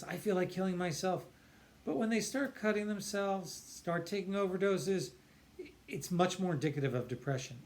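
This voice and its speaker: A man, a psychiatrist, explaining earnestly and emphatically, stretching key words and often restarting his sentences. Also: on the high side. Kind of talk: explanatory talk to camera.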